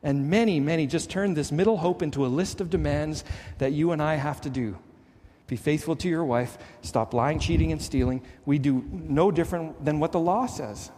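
A middle-aged man from Canada preaching a sermon as pastor, earnest and emphatic, swinging between pressing highs and hushed lows. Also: moderate pace. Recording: long hall reverb.

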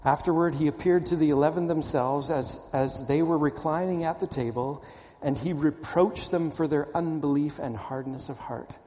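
Man preaching with big swings, in a reverberant hall. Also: moderate pace. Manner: swings from loud animated storytelling to hushed low emphasis. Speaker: pastor. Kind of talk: sermon.

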